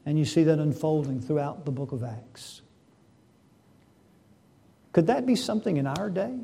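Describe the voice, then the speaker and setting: Man, pastor, sermon, earnest and fervent, warm dark tone, slightly high pitch. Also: big pitch swings, normal speed, creaky, husky. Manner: earnest, builds to fervent emphasis.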